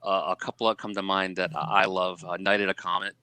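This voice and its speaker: A man on a movie discussion panel, talking casually and pausing to recall names. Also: sits low, flat delivery, bright, forceful tone, clear, resonant tone, no room sound.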